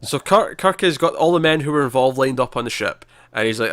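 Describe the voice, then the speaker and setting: A man co-hosting a review podcast, recapping an episode in a lively, stumbling way with lots of restarts. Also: medium pitch, brisk, no room sound. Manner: animated, stumbling retelling with many restarts. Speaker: podcast co-host. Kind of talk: casual review chat.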